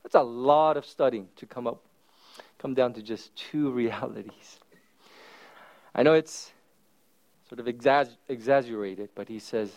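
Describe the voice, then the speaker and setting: A male pastor preaching a sermon at a church service, telling stories with swings between loud exclamations and hushed asides. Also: mid-range voice, measured pace, long pauses.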